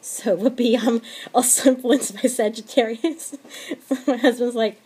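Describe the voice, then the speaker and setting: A woman in her thirties, a mother, rambling casually through a craft tutorial at home at night, laughing often and dropping into quiet asides. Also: on the high side, fairly even intonation, a little slow, slightly rough. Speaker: crafting vlogger. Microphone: tablet camera.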